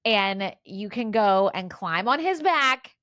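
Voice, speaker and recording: A woman in her forties co-hosts a podcast in a relaxed, chatty way, rattling off trivia between fillers and restarts. Her pitch swings widely, and the recording is dry and close. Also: slow, dry recording. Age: 40s. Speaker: podcast co-host. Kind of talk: casual chat.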